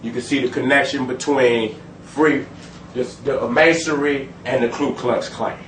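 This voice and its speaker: A man lecturing an audience in a profane, emphatic street style, swinging between loud and low. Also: steady tone, unhurried, roomy sound, distant mic, a little hiss or hum, rough recording. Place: room with a live audience.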